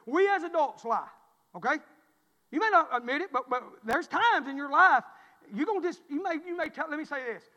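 A man, preaching a sermon through a folksy personal story that swings from loud to hushed. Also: very high voice, in a large hall. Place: church.

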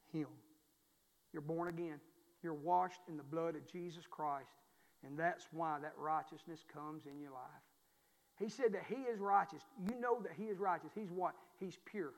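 A male pastor preaching a sermon in a folksy, emphatic way, repeating phrases to drive points home, in a church. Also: high-pitched. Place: church sanctuary. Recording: long reverb of a church hall.

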